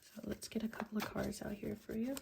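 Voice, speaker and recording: A woman doing a tarot reading, musing slowly with many ums and likes. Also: medium pitch, flat delivery, creaky, background noise. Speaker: tarot reader.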